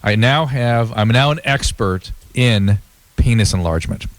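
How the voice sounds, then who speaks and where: A man co-hosting a late-night call-in radio show as its physician, explaining in a measured way and laughing easily. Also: mid-range voice, no echo. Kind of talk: casual radio banter.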